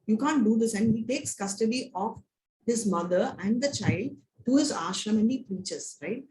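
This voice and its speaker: A woman's voice: medium pitch, lively intonation, normal speed, mellow. A woman with an Indian English accent teaching a devotional scripture class, telling stories and often tagging lines with "right?" and "you know". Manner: storytelling, frequent "right?" and "you know" tags. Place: temple class room. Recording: echoey room with faint noise.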